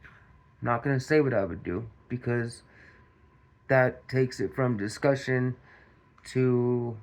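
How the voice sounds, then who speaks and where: A man's voice: medium pitch, slow. A man hosting a commentary monologue, repeating himself and throwing rhetorical questions at his viewers. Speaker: commentary channel host.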